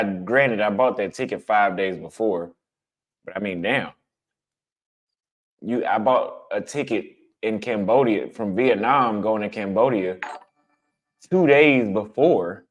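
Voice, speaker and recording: A man chatting casually with his audience about travel, blunt and conversational, repeating his points for emphasis. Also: fairly low pitch. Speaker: travel vlogger answering chat. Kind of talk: casual livestream chat.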